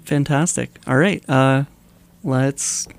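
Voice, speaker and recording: Creaky-voiced young male radio host. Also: mid-range voice, slow pace. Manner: relaxed, hesitant with fillers. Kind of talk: casual radio chat. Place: college radio studio.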